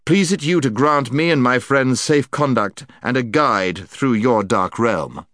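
A man's voice: medium pitch, measured pace, a bit bright, dry recording, studio quality, pitched above the performer's own voice, natural voice. A man voicing a young prince who speaks in a formal, stern, courtly way, with his voice raised.

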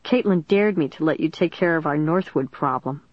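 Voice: medium pitch, moderate pace, no room sound, muffled recording, close to an everyday voice. A reader voicing a teenage boy who plays at sorrow in a tight, solemn tone.

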